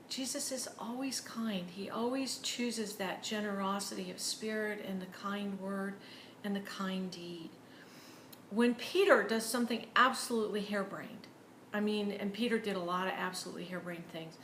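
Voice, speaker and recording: A woman preaching a sermon in an earnest way, dropping to hushed, near-whispered words for emphasis. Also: medium pitch, a little slow, reverberant, a little hiss or hum, rough recording. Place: church.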